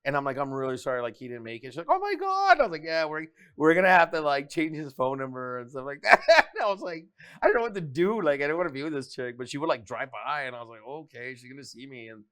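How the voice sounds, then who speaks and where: A man's voice: medium pitch, lively intonation, quick pace, fairly bright tone, clean tone. A man as a guest on a casual chat show, laid-back and laughing as he tells stories. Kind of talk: casual storytelling.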